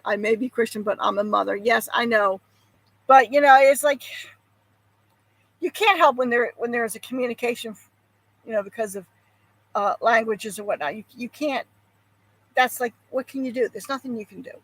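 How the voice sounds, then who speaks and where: A woman's voice: medium pitch, poor audio. An older woman hosting a homestead channel, chatting casually with viewers in a rambling way, with frequent ums and sighs. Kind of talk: casual chat, answering viewers.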